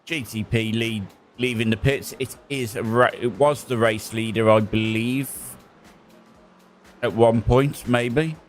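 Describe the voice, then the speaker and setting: A young man spotting for a sim racer, calling traffic briskly between jokes. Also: mid-range voice, fairly even intonation, soft background music. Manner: brisk, jokey, calls traffic in short bursts. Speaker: race spotter. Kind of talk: live radio spotting during a sim race.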